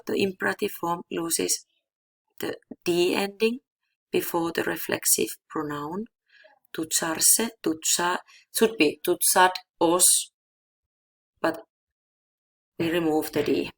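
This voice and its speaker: A woman's voice: on the low side, vocal fry. A woman teaching a language lesson, explaining grammar rules patiently and checking in with her viewers with frequent "okay?". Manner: slow repeating of example words. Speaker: Spanish teacher.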